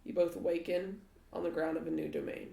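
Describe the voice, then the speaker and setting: A woman narrating a tabletop game as game master in a measured, descriptive way. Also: lowish voice, level tone, vocal fry, dark tone. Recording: echoey room.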